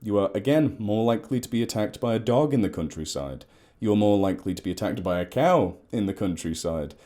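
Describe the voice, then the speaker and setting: Guy rambling on about nature, dark mellow voice, pitch jumps all over. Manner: rambling, chatty and lively. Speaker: ecologist. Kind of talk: casual explainer to camera.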